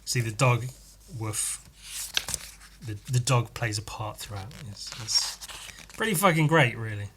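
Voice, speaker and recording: A man's voice: mid-range voice, lively intonation, unhurried, pauses often, background noise. A man hosting a podcast, chatting casually as he reads through a comic aloud, enthusiastic and sweary, laughing often. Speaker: podcast host.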